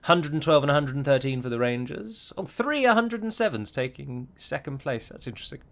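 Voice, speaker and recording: A man's voice: fairly high pitch, animated, a little fast, a bit bright. A man commenting on his own strategy game, chatty and wry, asking his units what they are doing. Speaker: gameplay commentator.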